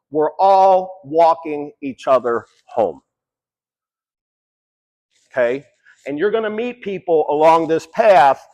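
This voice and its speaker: A man's voice: fairly high pitch, rough recording. A man giving a long-winded, conversational motivational talk about addiction, swearing casually as he tells stories. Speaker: speaker.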